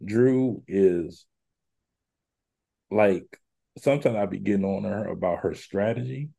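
A man's voice: fairly low pitch, slow, gravelly, warm tone, breathy edge. Laid-back slangy man chatting. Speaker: podcast host. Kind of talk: casual chat.

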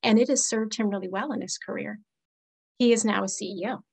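Gravelly-voiced woman, earnest and reflective. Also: mid-range voice, a little fast, low-quality recording. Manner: earnest, reflective, quotes clients in lively voices. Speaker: therapist guest. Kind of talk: casual podcast conversation.

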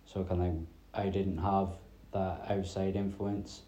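A man's voice: low voice, completely flat delivery, measured pace, mellow, reverberant. A man in his thirties from north-east Scotland who drops his T sounds, rambling through a casual solo podcast chat as host. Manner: rambling, chatty storytelling with many fillers.

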